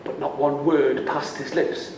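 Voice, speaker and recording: A theatrical male storyteller from the United Kingdom, slow and deliberate, coaxing young listeners to join in. His voice sits fairly high and rings around a very echoey hall with a faint hiss behind it. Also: little pitch movement, a little mellow. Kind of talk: live storytelling to a young audience. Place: large hall before an audience.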